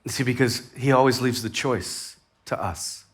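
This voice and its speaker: A man preaching a sermon as a pastor in a church, talking conversationally, with sudden lifts in energy and quiet, soft drops. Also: medium pitch, unhurried, husky.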